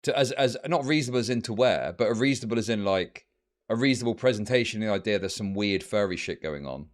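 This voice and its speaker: A man's voice: fairly low pitch, animated, fast. A man streaming live commentary, ranting at his chat in heated, profane bursts. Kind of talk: livestream commentary.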